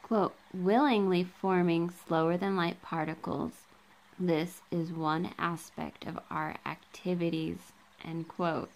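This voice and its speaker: A woman's voice: lowish voice, steady tone, slow pace, poor audio. A woman vlogger reading passages of a book aloud to her viewers, marking each quote and end quote, with casual asides and frequent ums, recorded on a camera she holds herself. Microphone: handheld camera.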